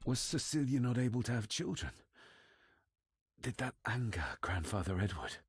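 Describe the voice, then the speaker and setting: An actor playing a troubled young man who is uncovering dark family secrets in a video game, speaking earnestly and anxiously. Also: mid-range voice, lively intonation, moderate pace, husky, no echo, studio quality. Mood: questioning. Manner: earnest, brooding, quietly anxious.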